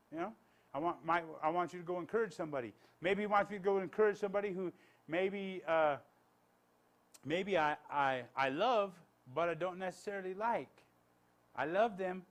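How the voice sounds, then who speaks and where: A man's voice: high-pitched, fairly bright tone. A man, a pastor, giving a blunt, conversational sermon with many restarts and asides.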